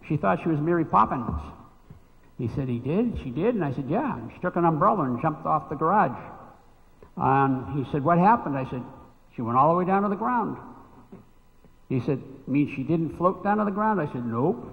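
A man's voice: on the high side, expressive, moderate pace, gravelly. A man preaching a sermon as pastor, telling stories and acting out both sides of a conversation. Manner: storytelling, acting out dialogue with a child. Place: church sanctuary. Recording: echoey church hall, phone-like thin sound.

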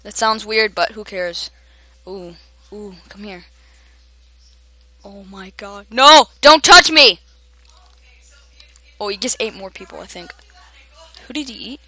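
A young woman giving excited gameplay commentary, often shouting at other players and laughing. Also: medium pitch, measured pace, long pauses, slightly rough. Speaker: gamer.

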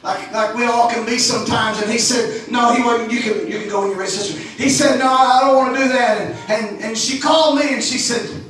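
A Texan man preaching a fiery sermon, swinging between shouts and low asides and stumbling over restarts. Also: steady tone, fairly quick. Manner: shouting, rising and falling, stammered restarts. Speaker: pastor. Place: large church sanctuary. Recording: echoey, distant hall mic.

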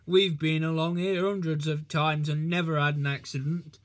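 A man's voice: a little high, little pitch movement, moderate pace, lightly acted. A man doing a blunt engine driver. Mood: dismissive. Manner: blunt and dismissive.

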